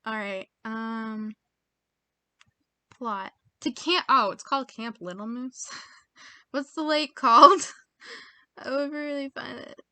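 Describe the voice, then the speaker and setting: A woman's voice: a little high, slow pace, long pauses, bright, forceful tone, smooth, no echo. A young American woman reading quiz options aloud in casual chat, giggly and self-mocking, muttering as she goes. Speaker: video creator taking online quizzes.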